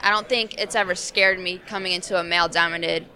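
Blunt bright-voiced young woman from Chicago. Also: lowish voice, steady tone, fast. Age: 20s. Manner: blunt, confident. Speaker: interview guest. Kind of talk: casual interview chat.

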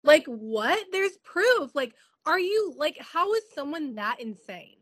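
High-voiced, exasperated woman co-host. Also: sing-song, a bit bright, no room sound, studio quality. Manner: exasperated, fast-talking with lots of "like". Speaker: podcast co-host. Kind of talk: casual recap chat.

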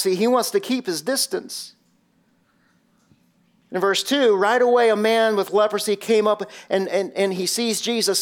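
Slow, storytelling preacher. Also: male voice, sits high. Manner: vivid storytelling with rhetorical questions. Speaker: pastor. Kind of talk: sermon.

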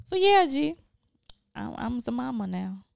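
A woman's voice: a little high, sing-song, a little slow, gravelly, darkish tone, smooth, dry recording, studio quality. A young woman co-hosting a podcast, chatting candidly and swearing freely. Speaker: podcast co-host. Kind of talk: casual chat.

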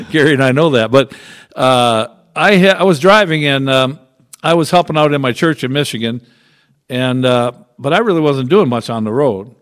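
A man's voice: mid-range voice, moderate pace. Folksy man telling trucking stories. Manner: folksy, chuckles often through his stories. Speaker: guest, trucker chaplain. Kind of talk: casual storytelling interview.

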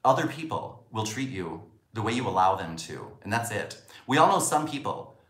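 Guy teaching a lesson, acts out the lines, pitch jumps all over. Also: normal speed. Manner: animated, acts out quoted lines. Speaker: communication coach. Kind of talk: spoken lesson. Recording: roomy echo.

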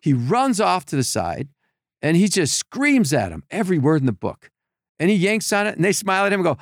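A man telling animated stories in a casual chat, acting out other people's voices with lots of restarts. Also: high-pitched, fairly quick, gravelly, no room sound, studio quality. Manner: animated storyteller, acts out voices, many restarts. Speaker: podcast guest telling stories.

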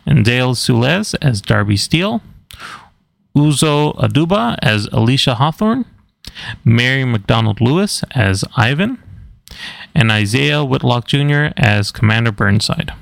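A man's voice: medium pitch, creaky, fairly bright tone, dry recording. A man co-hosting a movie podcast, reading a film's details in a matter-of-fact way. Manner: matter-of-fact, reads credits briskly. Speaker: podcast co-host. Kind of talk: casual movie review chat, reading a synopsis.

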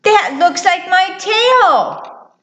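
A woman voicing an excitable little female mouse in a children's story, with a high squeaky voice and an eager, giggly manner. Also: very slow, exaggerated voice. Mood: eager, chirpy. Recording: roomy echo.

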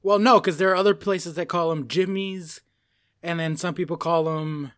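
Animated New man, casual chat. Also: on the high side, moderate pace. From New York. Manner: animated, laughing, swears freely.

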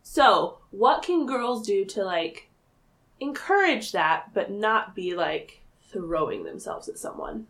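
Lively woman podcast co-host. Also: medium pitch, slow pace. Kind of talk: casual chat.

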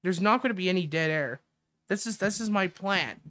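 A man's voice: high-pitched, a little fast, a bit bright, dry recording. Sarcastic man ranting. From Canada. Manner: crude, sarcastic, rambling. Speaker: podcast host. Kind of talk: casual solo rant. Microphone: studio mic with windscreen.

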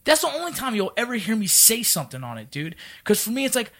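A man's voice: high-pitched, huge pitch swings, quick pace, fairly bright tone. A man who is a military veteran, talking in a casual podcast conversation in a profane, emphatic, fired-up way.

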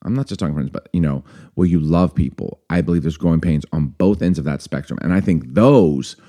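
Deep-voiced man telling a story. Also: a little fast. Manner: storytelling, animated, acts out quoted dialogue. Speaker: podcast host. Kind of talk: casual conversational podcast.

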